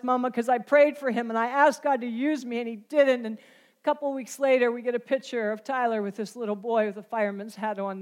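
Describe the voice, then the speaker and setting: A woman's voice: on the high side, a little mellow. Woman preaching with rising fervor. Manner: storytelling, building to impassioned emphasis. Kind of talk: sermon.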